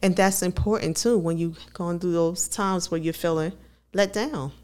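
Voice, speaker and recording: A woman's voice: on the low side, steady tone, normal speed, a little mellow, clean tone. A woman co-hosting a podcast, talking candidly and laughing often as she tells personal stories. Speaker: podcast co-host. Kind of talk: casual conversational podcast.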